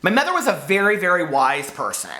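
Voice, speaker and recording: A man in his forties with a high, squeaky voice, speaking in an impassioned, hurt vlog rant and swearing as he talks to the camera. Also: huge pitch swings, fast talker, pushed and bright, reverberant. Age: 40s. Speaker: book vlogger.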